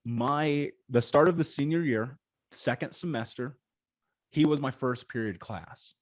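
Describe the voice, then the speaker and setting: An animated man in his thirties tells his life story as an interview guest. He talks in slang, swears freely and acts out the people in his story. His voice sits at an ordinary middle pitch and sounds close and dry. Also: measured pace, no room sound. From Indiana, USA.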